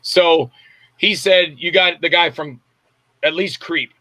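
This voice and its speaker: Older man telling animated stories. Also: fairly high pitch, takes it slowly, no room sound. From Florida, US. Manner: rambling storyteller acting out quotes. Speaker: guest actor and filmmaker. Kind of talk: casual anecdotal interview.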